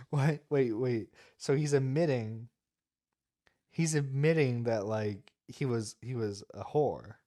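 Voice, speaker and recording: A man's voice: medium pitch, slow, dark tone, no echo, studio quality. A man reacting to a livestream clip, laughing and mocking crudely for his chat. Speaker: streamer reacting to clips. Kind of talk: reaction commentary.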